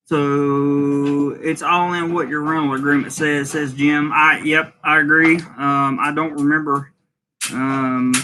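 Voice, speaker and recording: A man's voice: on the high side, little pitch movement, slow, pushed and bright, slight background noise, low-quality recording. Man chatting through a live stream. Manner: reads viewer comments aloud and replies. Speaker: vlogger reading live chat. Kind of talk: casual live stream chat. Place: rental home with contractors working.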